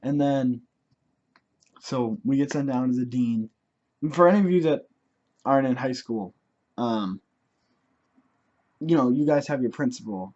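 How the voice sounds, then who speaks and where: A man's voice: mid-range voice, a little slow, long pauses, darkish tone, dull audio. A teenage boy telling a story from his life in a rambling way, full of fillers. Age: teens. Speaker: vlogger. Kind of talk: casual storytelling.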